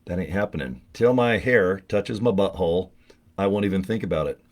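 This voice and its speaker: Crude, rambling man with a lowish voice. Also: animated, fairly quick. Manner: crude joking, rambling, laughs often. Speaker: vlogger opening a gift on camera. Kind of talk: casual live-stream chat.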